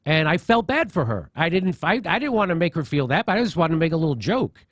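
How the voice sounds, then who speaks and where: A man's voice: fairly high pitch, very animated, fast talker, fairly bright tone, no echo. Mocking, profane male talk-show host. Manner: profane, mocking, laughs at own jokes.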